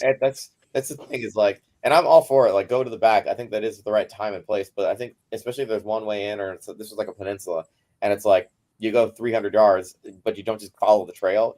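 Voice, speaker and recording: A man's voice: fairly low pitch, a little mellow. A man, a podcast guest, telling a casual story in a rambling way, full of "like" fillers. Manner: rambling, heavy use of "like" fillers.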